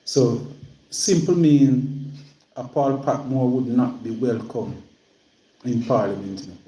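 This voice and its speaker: A man's voice: mid-range voice, fairly even intonation, takes it slowly, mellow, reverberant, low-quality recording. A Jamaican man hosting a livestream, speaking plainly and repeating himself when stirred. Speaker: livestream host. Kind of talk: casual livestream talk.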